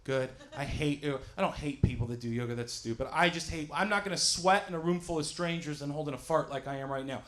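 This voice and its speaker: Stand-up comic, thirties, high voice, yells bits, faint room hiss. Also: male voice, fast, hardly any pauses. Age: 30s. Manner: loud, yelling bits, self-mocking. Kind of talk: stand-up comedy set. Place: small studio stage with live audience.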